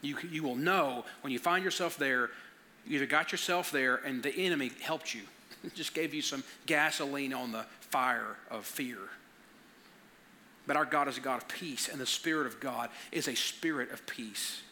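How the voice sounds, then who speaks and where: A man's voice: mid-range voice, moderate pace, bright, forceful tone, a little hiss or hum. A man preaching a conversational sermon, telling personal stories and often stammering and repeating words. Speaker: pastor.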